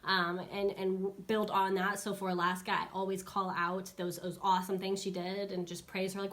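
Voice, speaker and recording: A woman in her thirties talks as a dog trainer on a casual live stream. She is chatty and animated, and her voice sits at an ordinary middle pitch. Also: moderate pace, hardly any pauses. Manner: chatty, animated, acts out dogs and kids in high squeaky voices.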